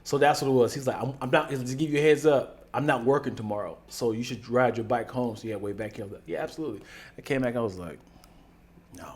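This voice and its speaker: A young man co-hosting a podcast, chatting casually and telling animated stories, sometimes slipping into playful mock voices. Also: medium pitch, fast talker. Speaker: podcast co-host. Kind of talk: casual chat.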